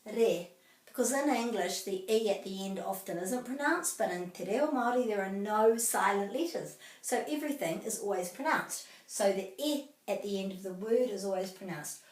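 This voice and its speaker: A woman teaching pronunciation, slowly and carefully drilling each word with repetition. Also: medium pitch, lively intonation. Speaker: language teacher. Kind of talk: pronunciation lesson. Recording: echoey room, mic at a distance.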